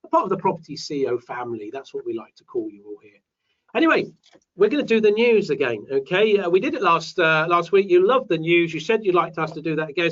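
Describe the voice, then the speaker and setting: Brief: British male host, chatty and upbeat, higher voice, recorded off-mic and dull. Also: a bit bright, far from the mic. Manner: chatty, reads out viewer names. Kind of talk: live webinar chat.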